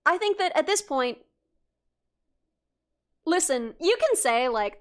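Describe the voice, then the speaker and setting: Chatting with stream viewers, a young woman talks in a high voice at normal speed, her pitch swinging widely and broken by long pauses. Her talk is rambling, full of fillers and restarts, and punctuated by frequent laughter.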